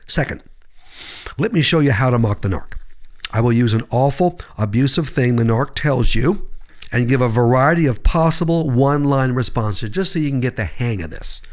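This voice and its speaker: A man's voice: medium pitch, expressive, normal speed. A man, a psychologist, delivering a blunt, emphatic advice monologue straight to his viewers. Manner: emphatic, blunt, punchy delivery with sharp rises. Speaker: psychologist giving relationship advice.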